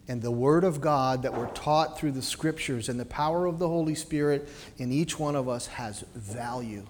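A man preaching a sermon in a church, animated, swinging between loud emphasis and quiet, low asides. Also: long reverb tail, a little hiss or hum.

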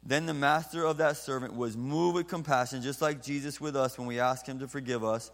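A man's voice: mid-range voice, fairly even intonation, a bit bright. Guy preaching in a church, earnest, drags out the big lines, long echo tail. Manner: earnest, slows down to stress key lines. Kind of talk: sermon and closing prayer. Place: church sanctuary.

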